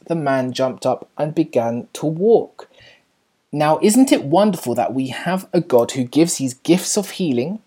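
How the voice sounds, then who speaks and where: A woman with an unusually low, mellow, slightly husky voice gives an earnest church teaching. She speaks encouragingly but trails into fillers and makes quick self-corrections.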